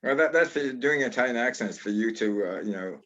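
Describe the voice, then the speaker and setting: A man's voice: mid-range voice, expressive, sharp tone. Male host on dull lo-fi audio. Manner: short interjections and quick questions. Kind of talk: casual interview.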